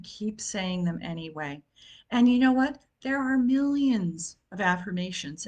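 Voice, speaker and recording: A woman in her late fifties talks through a wellness lesson like a coach with her clients. She speaks in a loose, chatty way, full of ums and self-corrections, in a voice sitting a little low for a woman. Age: 50s. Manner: chatty, with many fillers and restarts. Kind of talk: informal talk on self-help.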